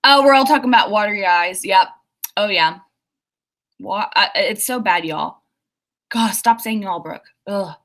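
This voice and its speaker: In a mid-range, slightly bright voice, a young woman hosts a writing livestream at a measured pace with long pauses. Her Southern US accent is from Oklahoma, and she reads viewer comments in casual, bubbly chatter sprinkled with fillers and laughs.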